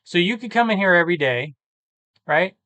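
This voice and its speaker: A tired man who talks casually and thinks out loud, rambling and correcting himself as he works through reseller listings. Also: high-pitched, lively intonation, normal speed, no room sound. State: tired, yawning. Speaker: eBay reseller vlogger. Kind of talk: casual screen-share commentary.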